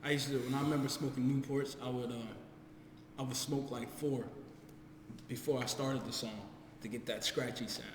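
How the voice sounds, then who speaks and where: A man's voice: medium pitch, moderate pace, background noise. A man co-hosting a podcast, talking casually and emphatically with plenty of swearing. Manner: animated, emphatic, profane. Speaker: podcast co-host. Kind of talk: casual chat. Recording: echoey room with long reverb.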